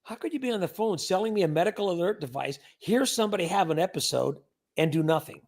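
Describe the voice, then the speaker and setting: A man's voice: high-pitched, lively intonation, fast talker, a little mellow. A man hosting a casual livestream, chatting and greeting viewers by name. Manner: chatty, reads viewer names aloud. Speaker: livestream host.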